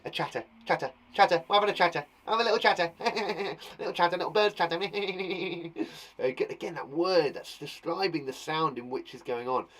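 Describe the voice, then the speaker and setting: With a fairly high, slightly bright voice, a young British man talks fast and with few pauses while teaching young children online. He's a primary school teacher working from a garden shed classroom, playful and encouraging, acting out sound words through gasps and laughs.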